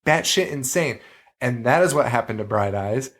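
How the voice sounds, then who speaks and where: A man co-hosting a podcast in casual chat, animated, swearing freely and laughing often. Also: mid-range voice, brisk. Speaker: podcast co-host.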